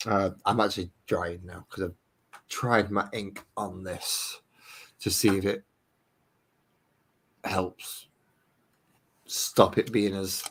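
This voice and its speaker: A man's voice: low-pitched, fairly bright tone. A man hosting a live stream, rambling, swearing freely and joking at his own expense. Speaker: stream host. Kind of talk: casual live-stream chat.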